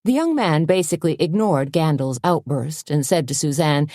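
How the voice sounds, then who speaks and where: A woman narrating a cozy mystery audiobook in an even, measured storytelling voice on a close mic. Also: low-pitched, no echo. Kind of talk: scripted narration.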